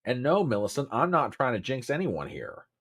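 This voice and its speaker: A man's voice: medium pitch, huge pitch swings, moderate pace, a bit bright, husky. A Southern American man hosting a casual political commentary livestream, chatty and emphatic, repeating phrases and answering viewers by name. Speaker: host.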